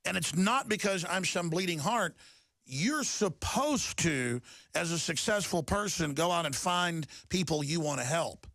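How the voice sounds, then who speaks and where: Gravelly, impassioned talk radio host. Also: male voice, a little high, unhurried, no room sound, studio quality. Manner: impassioned, rising to shouting then calming. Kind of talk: ranting talk radio monologue.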